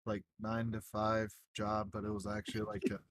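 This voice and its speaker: A man's voice: fairly low pitch, completely flat delivery, a little fast, noisy background. A young man in casual chat, rambling through a story with lots of fillers and swearing. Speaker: gaming group member telling a story.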